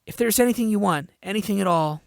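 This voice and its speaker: A man's voice: high voice, fast, vocal fry, dry recording, studio quality, pitched above the performer's own voice. A man voicing a shy, sly young girl in a fan audiobook reading, speaking meekly and coyly. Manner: meek, coy and wheedling. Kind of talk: audiobook character voice.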